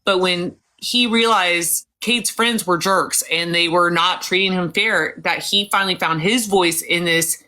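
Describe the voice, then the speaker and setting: A woman's voice: on the low side, measured pace, sharp tone. A woman hosting a live interview, gushing and eager as she tumbles through her words. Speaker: host. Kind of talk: casual live interview chat.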